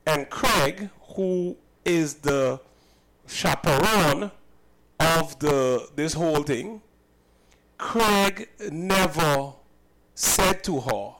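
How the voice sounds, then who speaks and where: A man's voice: fairly high pitch, expressive, very slow, a bit bright, low-quality recording. Emphatic man recounting a clash. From Saint Kitts. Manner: emphatic, indignant, repeats himself. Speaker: cook and business owner. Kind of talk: recounting a personal incident.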